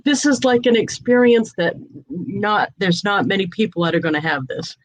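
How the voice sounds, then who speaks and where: A woman's voice: medium pitch, expressive, moderate pace, low-quality recording. A woman from New England hosting a casual video chat, telling anecdotes and laughing often. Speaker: host.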